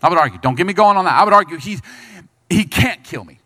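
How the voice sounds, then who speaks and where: Preacher guy, kinda high voice, swings up and down a lot, acts out little bits as he goes. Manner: animated preaching, voices Bible figures and people in quick asides. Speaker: pastor. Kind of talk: sermon.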